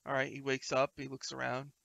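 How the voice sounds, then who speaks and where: A man's voice: mid-range voice, completely flat delivery, a little fast, vocal fry, a bit bright, dry recording. A man in a laid-back, chatty way, narrating a tabletop game as game master.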